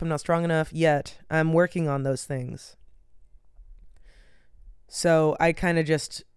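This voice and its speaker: Young woman podcast host, tired and yawning, loose rambling chat; very smooth, resonant tone, dry close sound. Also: fairly low pitch, no room sound. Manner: rambling, lots of "like" and "um". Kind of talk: casual solo chat.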